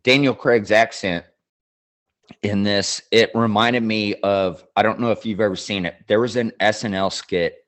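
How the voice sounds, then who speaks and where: Southern man, podcast co-host, relaxed storyteller, casual. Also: fairly low pitch, normal speed. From American South. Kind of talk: casual chat.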